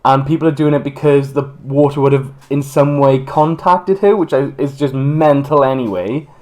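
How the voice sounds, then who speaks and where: A man's voice: mid-range voice, darkish tone. A man from Britain co-hosting a podcast, chatting casually in a rambling way. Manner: chatty, rambling, quick asides. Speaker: podcast co-host. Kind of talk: casual chat.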